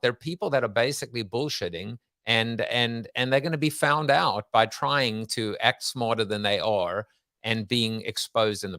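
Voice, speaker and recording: Bright, lively male podcast host. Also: medium pitch, dry recording, clean studio sound. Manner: rambling, repeats words as he gets going. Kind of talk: live interview chat.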